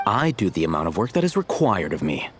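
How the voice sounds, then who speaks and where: Low-voiced dry unbothered scholar, curt, music behind. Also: male voice, quick pace, background noise. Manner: deadpan, curt. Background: game music.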